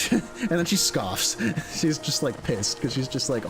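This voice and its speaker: A young man talks casually while he streams a video game, rambling from one thought to the next. His pitch swings widely as he goes, and he laughs often. Game music plays clearly underneath his voice. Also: expressive, moderate pace. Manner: rambling, chatty, laughs often, full of filler words; jumps into high squeaky voices when quoting others. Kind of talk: casual gameplay commentary.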